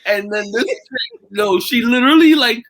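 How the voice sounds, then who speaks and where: A man in casual podcast banter, telling a story in an animated, laughing way with plenty of swearing. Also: very high-pitched, moderate pace. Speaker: podcast co-host.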